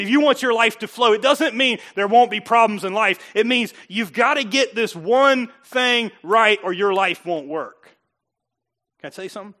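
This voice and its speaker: A man's voice: high voice, pushed and bright. A middle-aged male pastor preaching a sermon to a congregation in a chatty, joking way, often putting questions to the listeners. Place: church before a congregation.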